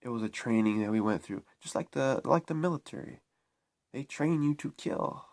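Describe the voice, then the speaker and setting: A man's voice: mid-range voice, normal speed, gravelly, a little mellow. A man talking to camera in a spiritual vlog, preaching in a repetitive, emphatic way with frequent restarts. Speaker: spiritual vlogger.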